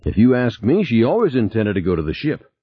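A man's voice: sing-song, brisk, husky, no room sound. A man voicing an anxious, placating man who coaxes and soothes, in a slightly raised voice, on a slightly dull recording. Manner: soothing, coaxing, somewhat higher voice. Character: middle-aged man, anxious, placating, suspicious.

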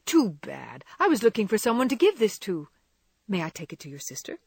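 A woman voicing a polite, friendly young gentleman who speaks courteously. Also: mid-range voice, big pitch swings, fairly quick, vocal fry, breathy edge, no echo, studio quality, exaggerated voice. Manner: courteous and obliging.

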